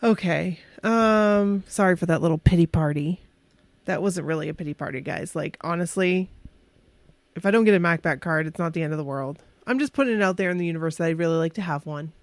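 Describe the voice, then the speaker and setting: A woman's voice: on the low side, fairly quick, no room sound. A woman co-hosting a casual podcast, chatty and giggly as she reads a fan story aloud, stumbling over words and correcting herself. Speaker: podcast co-host.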